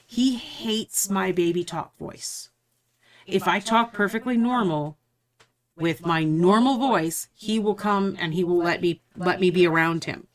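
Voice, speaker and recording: A woman's voice: mid-range voice, measured pace. Chatty woman co-hosting a live stream. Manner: joking, exasperated, swears freely. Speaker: co-host of a painting stream. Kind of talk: casual chat on a live stream.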